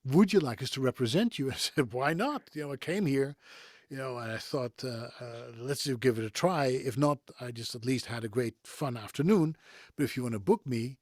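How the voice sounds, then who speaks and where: A man's voice: mid-range voice, normal speed, darkish tone, no room sound, clean studio sound. Middle-aged Dutch man, neutral European English. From Netherlands. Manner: chatty and digressive, chuckles between thoughts. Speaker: voice actor guest. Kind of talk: conversational interview. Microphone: video call.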